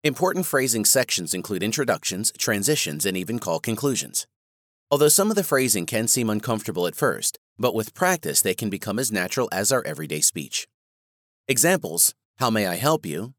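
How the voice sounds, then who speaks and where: Male course narrator, lowish, animated delivery, dry booth. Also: brisk, dry recording. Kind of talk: scripted instructional narration.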